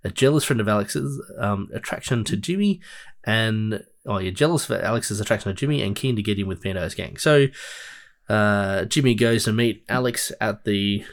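A man talks through a film plot in a loose, rambling way, stopping often for fillers and restarts. His voice sits on the low side. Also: moderate pace. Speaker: podcast co-host. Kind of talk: casual film recap chat.

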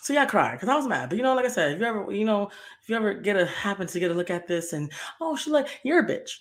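Heated young woman ranting, lively pitch. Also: racing. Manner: heated, profane, repeats herself. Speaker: podcast host. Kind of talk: casual storytelling rant.

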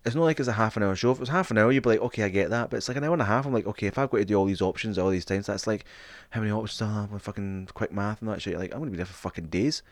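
A man's voice: on the low side, racing, few pauses, no echo. A man with a Scottish accent, co-hosting a podcast in sweary, jokey casual chat. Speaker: podcast co-host.

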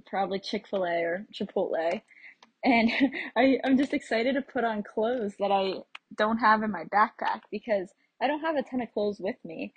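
A woman's voice: on the high side, breathy edge, low-quality recording. A young woman from the United States, vlogging casually about her backpacking trip in a chatty way and laughing often as she tells her stories. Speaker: travel vlogger. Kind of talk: casual chat.

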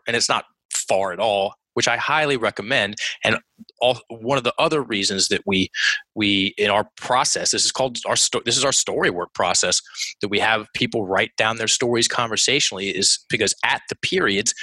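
Podcast guest, male, bright and forceful tone, dry close sound, lively explainer who stumbles and restarts. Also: lowish voice, no room sound, rough recording. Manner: animated, acts out quoted voices, many restarts. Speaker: guest coach. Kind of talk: conversational podcast interview.

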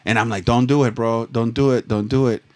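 A man's voice: medium pitch, steady tone, fairly quick. A young man from Southern California, telling a rambling, profane story in casual chat full of slang and restarts. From Los Angeles, USA.

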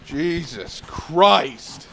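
A man vents on a casual podcast, swearing through nearly every sentence. His voice sits a little high for a man. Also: expressive, extremely slow, gravelly, pushed and bright, slight background noise. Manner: profane ranting, frequent swearing. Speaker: podcast co-host.

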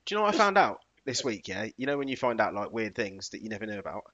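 A man co-hosting a podcast, telling stories in a playful, animated way. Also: lowish voice, quick pace, no room sound, lo-fi sound. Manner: animated, playful, bursts into sung and put-on voices. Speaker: podcast co-host. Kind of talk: casual chat.

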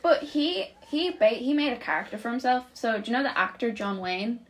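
A woman's voice: on the high side, lively intonation, a little fast. A young woman, co-hosting a casual chat and telling a story with loose swearing. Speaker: podcast co-host.

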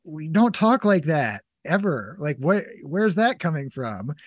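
Casual movie-podcast host, dry sound. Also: male voice, on the high side, expressive, a little slow, no echo. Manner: rambling, many "like" fillers. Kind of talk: casual movie review chat.

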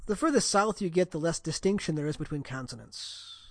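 A man's voice: on the high side, animated, a little fast, no room sound, studio quality. A man from the Midwest chatting casually with matter-of-fact remarks as a podcast co-host. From Midwestern United States. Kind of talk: casual chat.

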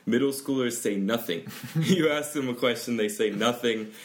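A man's voice: medium pitch, moderate pace. A man with an American accent hosting a bilingual podcast lesson, chatting easily and laughing often as he explains pronunciation. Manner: chatty, laughs often, switches between English and Korean. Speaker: podcast host and pronunciation teacher.

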